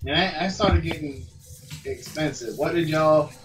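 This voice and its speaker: Homesteader, man, rambling storyteller, a bit high-pitched, heard from a distance. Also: a little slow, a bit bright, a little hiss or hum. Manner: rambling storyteller, Southern turns of phrase. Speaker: homesteader guest on a call-in show. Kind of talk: casual chat.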